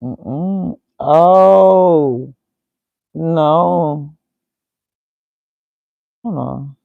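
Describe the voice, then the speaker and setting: A man's voice: fairly high pitch, drawn-out words, vocal fry, no echo, narrow, tinny audio. A man casually thinking aloud as he reads, muttering and reacting to himself. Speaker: vlogger.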